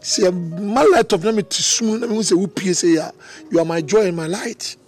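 Casting: a desperate Ghanaian lover, high voice, emotional pleading, faint film score. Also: male voice, moderate pace, darkish tone, faint music behind. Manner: emotional pleading, switching between Twi and English. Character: desperate man begging his partner to stay. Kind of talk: film acting.

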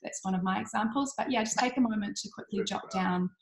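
A woman's voice: medium pitch, fast talker, gravelly, echoey room, background noise. A tired woman giving a casual health talk, chatty and full of ums and restarts. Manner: uses 'bloody' as an intensifier. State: tired from little sleep. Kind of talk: casual presentation.

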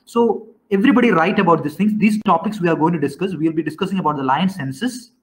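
A man lectures an online class in a high voice. He keeps quizzing his students and repeats questions with halting restarts. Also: low-quality recording. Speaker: teacher.

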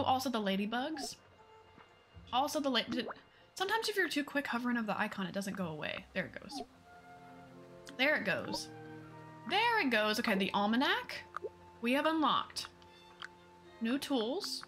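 Bubbly, high-pitched woman game streamer. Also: sharp tone. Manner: chatty, reads out viewer messages, says y'all. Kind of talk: live gameplay chat.

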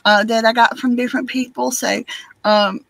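Halting Southern woman, rambling chat. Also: fairly high pitch, steady tone, creaky, fairly bright tone, slight background noise, low-quality recording. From Alabama, US. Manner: rambling, halting, many ums and restarts. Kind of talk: casual live-stream chat.

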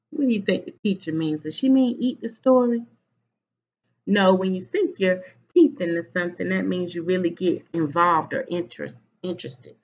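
A woman, a teacher, reading a picture book aloud to children at home on a webcam, pausing to ask them questions. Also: lowish voice. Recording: slightly dull webcam audio.

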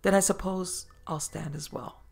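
A woman voicing a frail, kindly old male priest who speaks slowly and gently, sometimes near a whisper. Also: fairly low pitch, steady tone, creaky, breathy edge. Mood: gentle.

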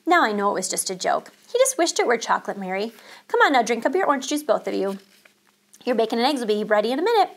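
A woman's voice: on the high side, very animated, fast talker, vocal fry, full character voice. A woman doing a coaxing storybook mother.

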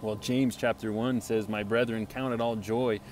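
A man's voice: lowish voice, level tone, moderate pace, darkish tone, a little hiss or hum. A man giving an informal sermon to camera, earnest and rambling, full of fillers and restarts, often asking "right?". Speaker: self-styled preacher.

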